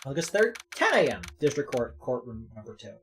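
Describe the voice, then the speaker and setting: A woman's voice: a bass voice, big pitch swings, fairly quick, slight background noise, voice pushed down. A woman reading the lines of a nervous young male defense lawyer in a video game, mixing in joking asides. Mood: narrating. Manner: reading narration aloud, jokey asides.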